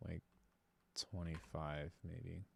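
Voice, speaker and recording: A man's voice: low-pitched, flat delivery, slow pace, creaky, a little hiss or hum. A man casually thinking aloud to himself while producing a beat, muttering and joking. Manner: mutters to himself, self-deprecating. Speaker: music producer streamer.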